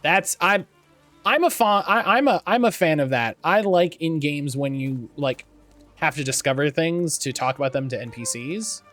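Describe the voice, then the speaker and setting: A man streaming a video game, chatting excitedly and reading in-game text aloud. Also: on the high side, faint music behind. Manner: excitable, swears casually, reads item text in a measured voice. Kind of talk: casual let's-play commentary, reading game text aloud.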